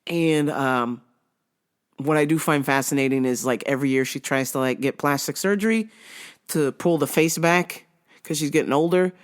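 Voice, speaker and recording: A woman's voice: low-pitched, normal speed. A woman telling blunt, profane work stories on her show, laughing often. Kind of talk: casual storytelling rant.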